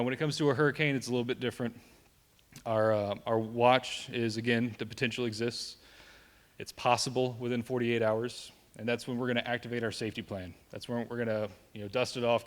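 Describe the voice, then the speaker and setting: This young man speaks with a Southern American accent in a lowish voice, giving a safety talk to a live audience. He keeps it joking and conversational, often checking in with "right?", while a long hall reverb follows him.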